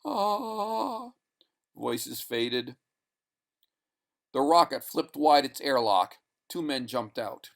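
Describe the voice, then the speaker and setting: A man reading a short story aloud in a deliberate, expressive narration. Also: medium pitch, gravelly. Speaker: reader. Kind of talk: audiobook narration.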